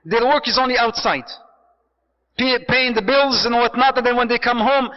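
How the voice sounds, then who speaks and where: A man giving an animated, joking lecture on marriage to an audience, slipping in Arabic phrases. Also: extremely high pitch, fast talker. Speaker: preacher. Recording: dull, hall-echoed lecture recording.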